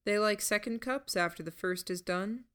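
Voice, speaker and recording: A woman voicing a calm, steady young man who speaks low, gentle and measured. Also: smooth, natural voice. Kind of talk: audiobook character voice.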